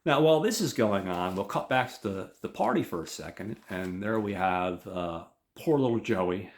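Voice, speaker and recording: Low-voiced man rambling through a recap. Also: animated, moderate pace. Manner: rambling, heavy on fillers. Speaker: podcast host. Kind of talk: casual episode recap.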